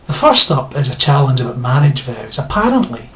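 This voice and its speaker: A man's voice: medium pitch, fairly even intonation, a little fast, a bit bright. A man delivering a sarcastic, indignant rant to his viewers, blunt and given to swearing. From Scotland. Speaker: video blogger. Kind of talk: ranting monologue to camera.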